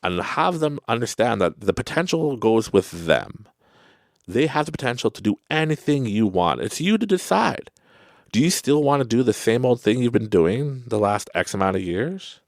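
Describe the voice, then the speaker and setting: A man with a Canadian accent hosting a podcast, giving an animated, conversational motivational monologue and laughing often. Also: mid-range voice, normal speed, dry recording, studio quality. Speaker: podcast host.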